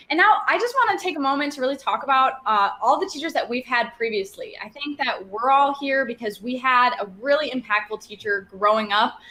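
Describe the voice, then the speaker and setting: A young woman from Wisconsin, a student co-hosting an awards ceremony over a video call, chatty and excited. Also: high-pitched. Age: young adult. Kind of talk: casual hosting chat.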